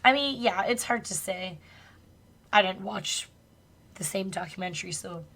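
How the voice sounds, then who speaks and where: A woman's voice: medium pitch, a little slow. Woman podcast host telling a creepy story, chill and chatty, cusses a bit. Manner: relaxed storytelling with casual swearing and laughs. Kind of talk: casual chat, retelling a true crime story.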